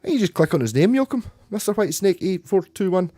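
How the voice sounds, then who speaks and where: A man's voice: high voice, animated, quick pace, warm tone, no echo, soft background music. A man chatting casually with viewers as a livestream host, rambling and restarting his sentences often. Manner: rambling, stop-start, chatty with frequent restarts. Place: home room, playing guitar.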